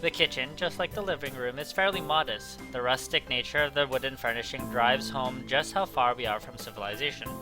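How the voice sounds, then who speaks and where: A man's voice: mid-range voice, fairly quick, few pauses, over music, low-quality recording. A man hosting a let's play, reading visual novel narration aloud with casual, jokey asides.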